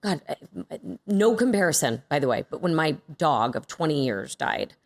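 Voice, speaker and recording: A woman's voice: low-pitched, normal speed, creaky. A woman hosting a podcast, chatting casually and expressively while trading stories with her guest. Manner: chatty, expressive, reacts readily. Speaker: podcast host. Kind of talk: casual chat.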